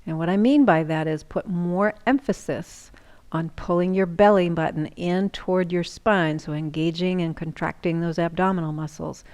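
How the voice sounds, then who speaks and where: A woman yoga instructor giving calm, slow breathing cues, sometimes dropping into a whisper. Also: fairly low pitch.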